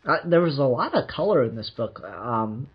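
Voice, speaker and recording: A man's voice: medium pitch, sing-song, normal speed, slightly rough. A man co-hosting a casual comic book talk, rambling and hesitant with many ums, but enthusiastic. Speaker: podcast co-host. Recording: dull lo-fi recording with faint music.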